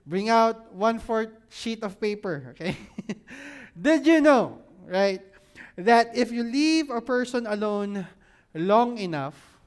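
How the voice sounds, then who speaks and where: A man's voice: high voice, expressive, takes it slowly. A man, serving as senior pastor, reads scripture, prays and preaches to his congregation. He asks the room question after question and repeats his key lines for emphasis. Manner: engages the audience with repeated questions; fervent prayer, often repeats "Lord God". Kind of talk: sermon with scripture reading and prayer. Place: church service room with an audience.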